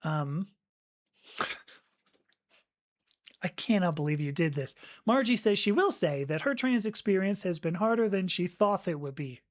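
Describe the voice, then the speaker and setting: A woman's voice: fairly low pitch, lively intonation, measured pace, long pauses. A woman hosting a live stream, chatting casually and reflectively as she reads and answers viewer comments, with restarts and small laughs. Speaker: livestream host reading viewer comments.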